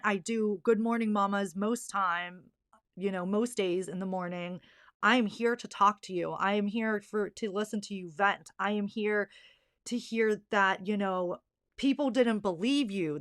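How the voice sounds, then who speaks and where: A young woman hosts her own podcast solo, her medium-pitched, slightly bright voice recorded with studio quality and no echo. She talks candidly and earnestly, growing worked up and emphatic about her subject.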